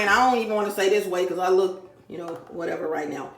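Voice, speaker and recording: A middle-aged YouTuber from Dallas, Texas, rants in a profane, rambling, emotional vlog recorded in a room at home. She has a lowish voice, talks fast, and the sound is roomy.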